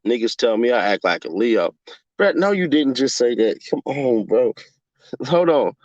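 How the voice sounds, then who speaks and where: A young man chatting casually on a livestream and reading his chat aloud, cursing, laughing often, and jumping from mumbling to yelling. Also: mid-range voice, sing-song, normal speed, no room sound. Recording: dull lo-fi dry sound.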